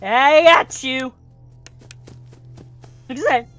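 Woman, horror game commentary, unhurried, bright tone, jumpy, swears at scares. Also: high-pitched, faint music behind. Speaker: let's play gamer.

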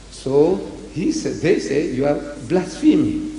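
An older man from South Africa giving a religious debate lecture, animated, often acting out the dialogue he quotes. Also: on the high side, slow, gravelly. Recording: echoey hall with faint noise.

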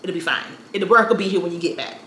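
A woman in her thirties from South Florida, casually telling a personal story in a chatty, animated way and often saying "you know". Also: lowish voice, quick pace. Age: 30s. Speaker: storytime vlogger. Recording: echoey room with faint noise.

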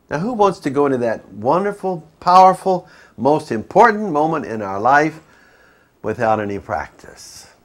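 Lively folksy priest preaching. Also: male voice, medium pitch. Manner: folksy, asks the audience frequent questions. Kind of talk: sermon with storytelling and jokes.

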